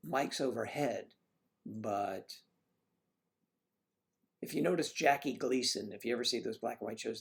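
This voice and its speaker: A man hosts a casual livestream, talking straight to his viewers. He rambles and trails off into asides. His voice sits at an ordinary middle pitch. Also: vocal fry. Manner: rambling, chatty, full of asides. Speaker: livestream host. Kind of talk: casual chat.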